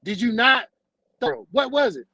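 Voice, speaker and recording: A man with a notably high voice hosts a sports talk show and rants emphatically. He sounds close and dry, with no room around him. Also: expressive, measured pace, gravelly, bright, forceful tone, husky, dry recording, rough recording. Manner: emphatic, ranting, peppers lines with "man".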